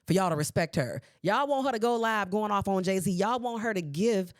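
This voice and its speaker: A woman in her forties hosting a podcast, ranting at her listeners in a sassy, animated way. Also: medium pitch, moderate pace, no room sound, clean studio sound. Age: 40s. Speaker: podcast host. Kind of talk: solo podcast commentary. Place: podcast recording space.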